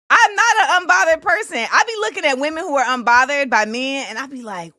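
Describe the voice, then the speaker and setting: A woman in her forties hosting a livestream talk show, chatting animatedly and breaking into sing-song shout-outs to the chat. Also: high-pitched, brisk, dry recording, studio quality. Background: faint music.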